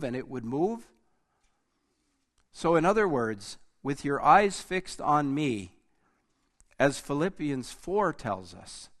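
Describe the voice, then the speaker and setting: A man preaching a sermon, slow and deliberate, rising in force and then dropping almost to a hush. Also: medium pitch. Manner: slow, deliberate preaching that rises and drops to near-quiet.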